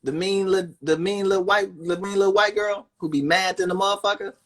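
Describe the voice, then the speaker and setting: Husky-voiced man ranting profanely on a livestream. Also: sits high, fairly quick. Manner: animated, profane, sarcastic ranting. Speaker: livestream host. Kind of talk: casual livestream rant. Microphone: phone.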